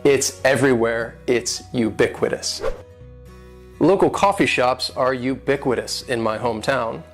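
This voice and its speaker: A man teaching English vocabulary in an online lesson. He says each word slowly and carefully, in a friendly, lightly joking way. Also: medium pitch, faint music behind.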